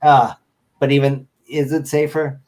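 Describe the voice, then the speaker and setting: A man's voice: medium pitch, little pitch movement, measured pace, darkish tone. A man chatting as a guest on a show, rambling and joking as he tells stories over a video call. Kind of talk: casual chat.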